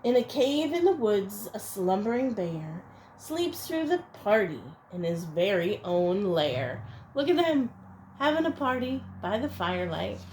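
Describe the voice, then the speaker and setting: A woman reading a picture book aloud to children, expressive and playful, adding little asides for young listeners. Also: medium pitch, unhurried, a little hiss or hum, rough recording. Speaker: storyteller.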